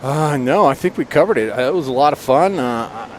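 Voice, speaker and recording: A laid-back man co-hosts a podcast from behind the wheel, laughing often as he retells stories. His pitch moves a lot as he talks. Faint road noise from the truck sits underneath his voice. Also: animated, brisk. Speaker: podcast co-host. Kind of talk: casual chat. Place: driving a truck in freezing rain. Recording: car interior with road noise.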